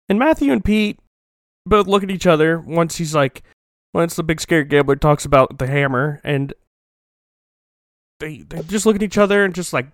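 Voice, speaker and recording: A man's voice: fairly high pitch, lively intonation, moderate pace, long pauses, no room sound, studio quality. A man co-hosting a comedy recap podcast, joking around and acting out characters in silly voices. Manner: jokey, acts out characters in silly voices, laughs often. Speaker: podcast co-host.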